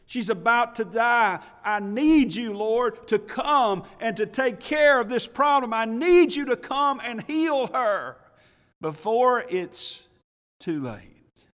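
Desperate father begging, urgent and high-pitched , as a preacher acts him out, with long hall reverb. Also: animated, slow pace, a bit bright, full character voice. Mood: pleading. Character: desperate pleading father, grown man.

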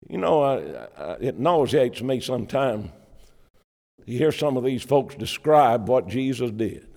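A man's voice: mid-range voice, expressive, slow pace, darkish tone. A man preaching a sermon and quoting scripture in old King James wording, with fervent, rising emphasis. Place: church. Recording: long church reverb.

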